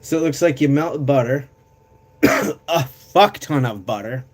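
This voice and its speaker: A man's voice: mid-range voice, unhurried. Profane rambling male streamer. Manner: profane, rambling, reads chat aloud. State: coughing. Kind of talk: casual live-stream chat.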